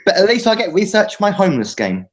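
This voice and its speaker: A man's voice: high-pitched, huge pitch swings, fast. A young man co-hosting a casual podcast, blunt and joking, swearing heavily. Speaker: podcast co-host. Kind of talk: casual chat.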